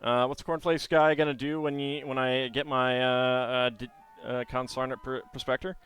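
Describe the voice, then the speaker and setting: A man's voice: mid-range voice, level tone, normal speed, fairly bright tone, clean tone, soft background music. A man streaming live, thinking aloud in hesitant, rambling commentary.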